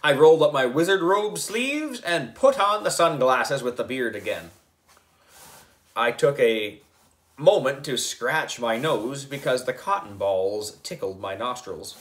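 Man reading a kids' book aloud, animated. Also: mid-range voice, measured pace. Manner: lively, animated character reading. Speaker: reader. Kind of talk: reading a children's novel aloud.

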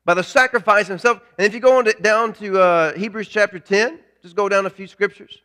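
Guy pastor preaching hard, high voice, repeats himself for punch. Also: fairly quick, sharp tone. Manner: emphatic preaching, repeats key lines, rhetorical questions. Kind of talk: sermon.

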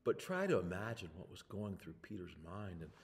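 An older man preaching a sermon in a slow, dramatic way, with long pauses and swings between loud and hushed. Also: deep voice, very animated, big-room sound. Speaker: pastor. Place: church sanctuary.

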